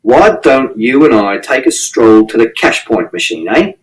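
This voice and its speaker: A man doing a dry, slow-talking policeman. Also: medium pitch, lively intonation, voice pushed down, lightly acted. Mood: patient. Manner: dry, slow, mildly exasperated. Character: wry, patient middle-aged male policeman. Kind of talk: reading a novel aloud. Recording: distant mic.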